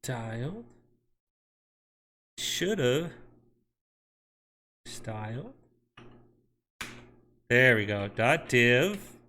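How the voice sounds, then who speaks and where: Bright-voiced man thinking aloud while coding. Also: mid-range voice, very animated, drawn-out words, long pauses, a little hiss or hum. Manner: talks to chat and himself while working. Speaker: software developer streaming his coding.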